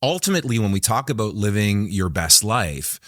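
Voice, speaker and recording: Low-voiced male podcast host. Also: sing-song, normal speed, a bit bright, no room sound, studio quality. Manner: thoughtful, many "uh" fillers. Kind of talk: casual podcast chat.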